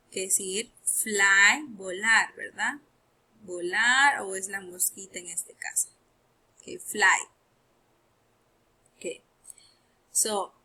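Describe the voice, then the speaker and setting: A woman's voice: mid-range voice, sharp tone, husky. A woman teaching first grade phonics. She explains rules patiently, checks in with "okay?", switches between English and Spanish, and drills each word by repeating it three times.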